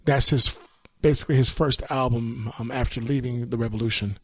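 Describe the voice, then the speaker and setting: A man doing a relaxed music-podcast host, walking through an album track by track in an easy, unscripted way. He sounds at a middle pitch and slips into quick asides with a laugh. The sound is dry and close, with no room around it. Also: dry recording. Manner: sings lyric snippets, laughs often, speeds up on asides. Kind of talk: casual album review with sung lyrics.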